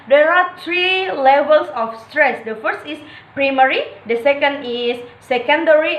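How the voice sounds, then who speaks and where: A woman's voice: sits high, fairly bright tone. A young woman from Indonesia with an Indonesian accent, an English student explaining a lesson casually and hesitantly, with many fillers and self-corrections. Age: young adult. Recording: echoey room.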